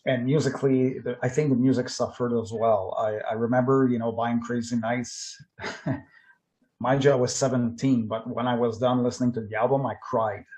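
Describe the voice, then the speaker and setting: A man's voice: mid-range voice, little pitch movement, normal speed, a little mellow. Candid man in his fifties, podcast guest. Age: 50s. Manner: candid, tells personal stories. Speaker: panel guest. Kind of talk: casual podcast discussion.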